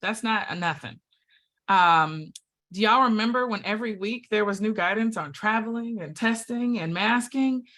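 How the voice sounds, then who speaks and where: A woman's voice: medium pitch, normal speed, a bit bright. A woman presenting at a staff town hall over a video call, heartfelt and chatty with plenty of fillers.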